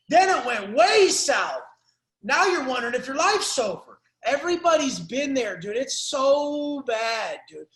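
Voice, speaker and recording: A man's voice: very high voice, a bit bright, reverberant, rough recording. A man coaching a client on a call, ranting in an intense, profane, preachy motivational way. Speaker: life coach.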